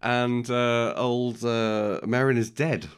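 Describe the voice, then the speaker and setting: A man's voice: mid-range voice, level tone, slow pace, clear, resonant tone. A man, chatting casually as a podcast co-host, rambling and jokey with lots of fillers. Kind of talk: casual chat recapping a film.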